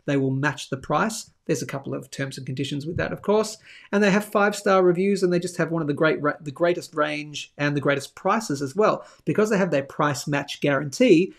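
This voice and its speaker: Gravelly, chatty man hosting live. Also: fairly high pitch. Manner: chatty, animated, lots of "okay?" asides. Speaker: live show host. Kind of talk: casual live-stream talk with sponsor reads.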